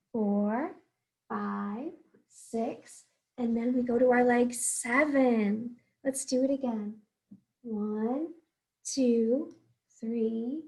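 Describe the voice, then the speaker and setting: A woman's voice: a little high, darkish tone, breathy edge. A young woman teaching a math lesson to small children, counting aloud in an encouraging, sing-song way.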